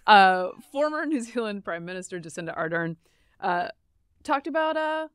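A woman's voice: medium pitch, big pitch swings, normal speed, clean tone, no room sound. An American woman co-hosting a podcast, chatting wryly and sarcastically about the news with many fillers. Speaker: podcast co-host. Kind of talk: casual news chat.

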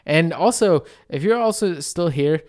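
Another male podcast co-host talks in a fairly high voice at a slightly slow pace. His chat is loose and easygoing, full of fillers and quick laughter.

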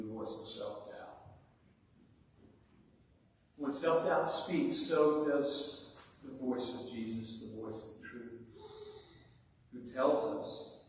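A man preaching a sermon as pastor, with rhetorical questions and dramatic pauses, in a church sanctuary. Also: mid-range voice, steady tone, slight background noise. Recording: echoey hall from far off.

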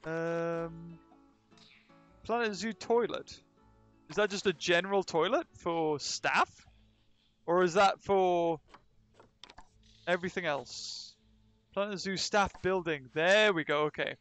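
With faint music behind him, a man recovering from illness livestreams a zoo-building game, chatting casually and responding to viewers. His voice sits high, clear and resonant with a fairly bright tone, and he speaks slowly with frequent pauses.

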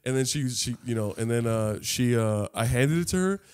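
A young adult man co-hosting a podcast, telling high school stories in a casual, animated way full of swearing. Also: clear, resonant tone. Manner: animated, swearing, quick asides. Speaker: podcast co-host. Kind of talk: casual comedic storytelling.

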